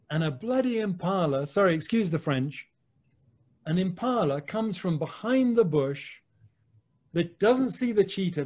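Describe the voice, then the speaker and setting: English guy spinning lively safari-type yarns, fairly high voice, a bit of mild swearing, on a video call. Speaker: wildlife photographer guest. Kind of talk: anecdotal storytelling.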